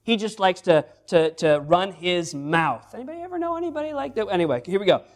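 A man preaching a sermon, animated and emphatic, repeating phrases and restarting words as he goes. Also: high-pitched, fairly quick. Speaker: pastor.

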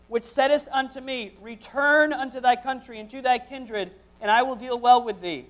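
A man's voice: very high voice, fairly even intonation, normal speed, few pauses, a bit bright. A man leading a church congregation, reading scripture aloud and then preaching with rising intensity. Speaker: pastor. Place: church service before a congregation.

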